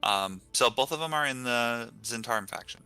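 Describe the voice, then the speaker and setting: A man narrating a tabletop game as game master, relaxed and full of fillers, over an online call. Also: medium pitch, normal speed, soft background music. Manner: relaxed, filler-heavy narration with easy laughs. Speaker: dungeon master.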